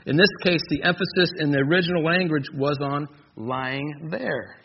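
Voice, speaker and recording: A man with a slightly high voice preaches a verse-by-verse sermon, hammering home points through repetition. The recording sounds muffled and lo-fi, with a faint hiss behind him. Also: normal speed, few pauses. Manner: emphatic, repeats key phrases for stress. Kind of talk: expository sermon. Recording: dull lo-fi recording with faint noise.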